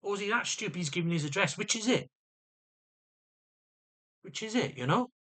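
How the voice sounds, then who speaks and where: A man's voice: high-pitched, lively intonation, normal speed, pushed and bright. A man venting to camera in an agitated monologue, often restarting and repeating his words. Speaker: vlogger.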